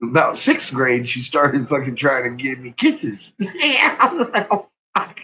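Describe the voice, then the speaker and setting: A man's voice: medium pitch, wildly swooping pitch, measured pace, bright, forceful tone, husky. A middle-aged man telling stories about his son in casual chat, laughing constantly and swearing freely. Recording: dull lo-fi recording.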